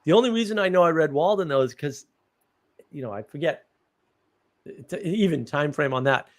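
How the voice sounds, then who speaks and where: A man with a fairly high voice hosts a casual live stream, wandering from story to story with blunt, offhand swearing. He talks loosely, restarting sentences as he goes. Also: lively intonation, moderate pace. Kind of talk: casual chat.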